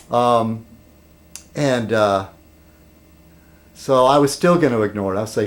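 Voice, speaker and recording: A man's voice: mid-range voice, unhurried, long pauses. A man vlogging in a rambling casual monologue, meandering and interrupting himself, with dry humor.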